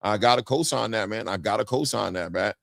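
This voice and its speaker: A man's voice: a little fast, creaky, no echo. A man hosting a boxing live stream in casual chat, reading viewer comments aloud and often ending his lines with "man". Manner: animated, jumps in pitch when greeting viewers. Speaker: boxing show host.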